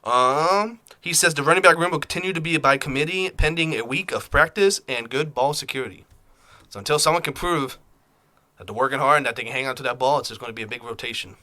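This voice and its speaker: A man co-hosts a casual sports podcast, talking fast and bluntly with the odd swear word. He is a little out of breath, and his voice is bright and forward. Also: mid-range voice. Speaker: podcast co-host.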